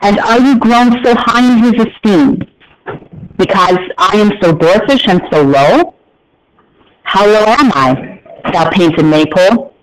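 A jealous young woman hurls insults, read out by a man with no drama. The reading stays flat and high-pitched, with a pause at every comma and a rise at every question. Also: a little hiss or hum, poor audio. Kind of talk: plain read-aloud of a verse scene.

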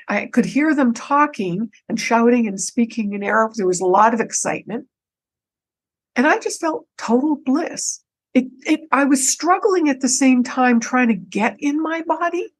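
Animated woman telling her story. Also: a little high, rough recording. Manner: animated, breaks into her own quoted speech; frequent restarts and repeated words. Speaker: podcast guest. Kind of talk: personal storytelling in an interview.

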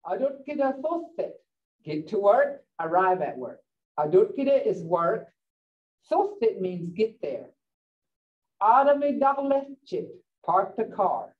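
A woman teaching a vocabulary lesson in class. She laughs often and repeats words slowly for the learners. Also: mid-range voice, very animated. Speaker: language teacher. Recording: dull lo-fi sound from a distant mic.

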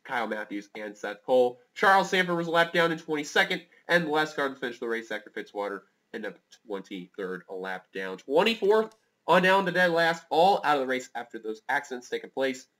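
A man calling a motor race play by play, excitable and rising to near-shouts at close finishes. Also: medium pitch, a little fast. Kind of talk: live motorsport commentary.

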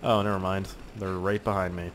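A young man giving let's play commentary, excitable and profane, yelling at the game. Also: low voice, brisk, a little hiss or hum. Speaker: gaming youtuber.

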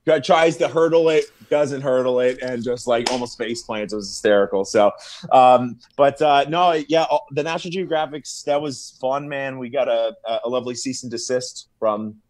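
A man who is a firefighter and comedy video maker, chatting as a podcast guest, telling stories in a lively, laughing, slangy way. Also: medium pitch, normal speed. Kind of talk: casual podcast interview.

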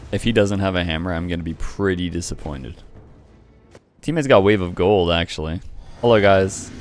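A man's voice: sits low, normal speed, faint music behind. A young man commentating his own gameplay at a desk mic, teasing his opponents playfully and laughing gleefully. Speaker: gaming YouTuber.

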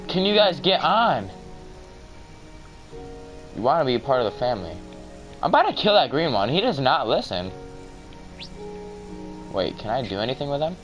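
Excitable young man narrating a game. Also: mid-range voice, moderate pace, long pauses, soft background music, low-quality recording. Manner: excitable, swings from mumbling to yelling. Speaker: gamer. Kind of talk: casual let's-play commentary. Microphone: cheap mic with white noise.

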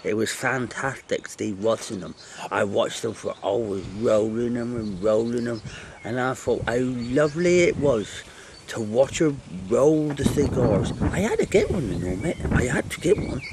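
A man's voice: medium pitch, animated, unhurried, a little mellow, a little hiss or hum. Drawling man. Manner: drawling, lots of murmured agreement. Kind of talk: casual banter.

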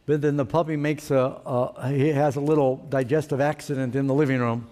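A man's voice: mid-range voice, fairly even intonation, fairly quick, mellow. A man preaching a sermon as pastor, putting questions to his congregation and acting out everyday sayings. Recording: long reverb in a hall.

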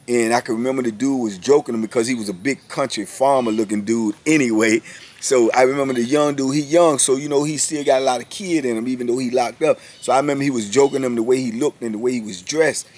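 A man in his fifties telling a story about his past in casual, slangy speech, leaning on emphatic repeated phrases. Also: medium pitch.

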